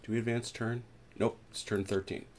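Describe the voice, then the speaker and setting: A man hosting a tabletop wargame session, chatting casually as he plays, counting dice aloud and breaking into excited exclamations. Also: fairly low pitch, a little fast, a little hiss or hum. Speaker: host, tabletop wargame player. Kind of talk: casual play-by-play while gaming. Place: home, at a game table.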